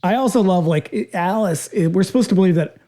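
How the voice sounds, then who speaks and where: A man co-hosting a podcast, sarcastic and animated, who swears freely. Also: sits high, fast talker. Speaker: podcast co-host. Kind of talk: casual chat about a film.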